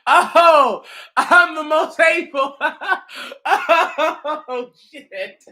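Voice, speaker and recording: High, sharp-voiced man ranting profanely. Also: drawn-out words. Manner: profane, mocking, confrontational. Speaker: channel host answering commenters. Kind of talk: heated livestream rant.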